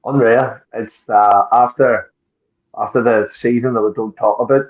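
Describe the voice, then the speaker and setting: A man who is a folk singer, guesting on a podcast and talking in a halting, stop-start way. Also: mid-range voice, steady tone, phone-quality sound. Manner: halting, many fillers and restarts. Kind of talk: casual chat.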